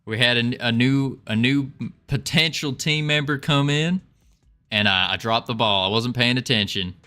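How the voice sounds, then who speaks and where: A man's voice: medium pitch, normal speed, pushed and bright. A man streaming his game development, chatting casually with a playful, rambling manner and often repeating his own phrases. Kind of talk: casual livestream chat.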